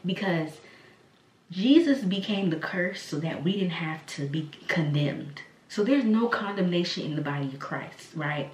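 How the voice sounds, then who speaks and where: A woman's voice: fairly low pitch, expressive, measured pace, recorded from a distance. Conversational woman preaching in echoey room. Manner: rambling and conversational, many fillers and restarts. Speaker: podcast host. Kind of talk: casual spoken sermon. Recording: echoey room, voice from the mic, faint ambience.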